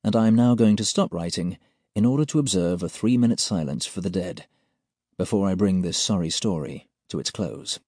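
A man reading an audiobook in a measured, formal manner, as if delivering an official report. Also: deep voice, expressive, a little mellow, no room sound, studio quality. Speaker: audiobook narrator. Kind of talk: scripted audiobook narration.

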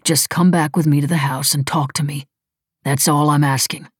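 Woman reading a calm, controlling wealthy man. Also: low voice, slightly rough, no echo, clean studio sound. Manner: calm, measured, lecturing.

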